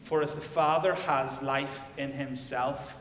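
A male pastor delivering a sermon and reading scripture, swinging from loud declarations to hushed emphasis. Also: mid-range voice, fairly even intonation, a little slow, a little hiss or hum. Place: church. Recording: echoey church hall.

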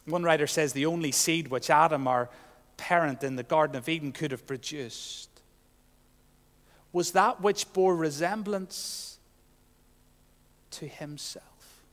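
A man preaching a sermon, earnest, swinging from loud proclamation to soft, hushed asides. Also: fairly high pitch, a little slow, long pauses, big-room sound.

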